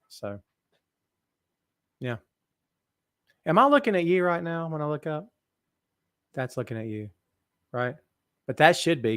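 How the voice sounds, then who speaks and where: A man with a mid-range voice hosts a wrestling talk stream, reading viewer comments aloud. He chats with his audience in an animated, self-mocking way, and the sound is clean studio quality with no echo.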